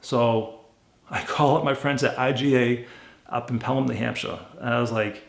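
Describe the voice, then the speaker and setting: A man casually telling a story about buying a car, blunt and animated, acting out the back-and-forth of conversations. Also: medium pitch, normal speed, vocal fry. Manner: blunt, animated retelling with quoted dialogue. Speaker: car flipper vlogger. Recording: roomy echo.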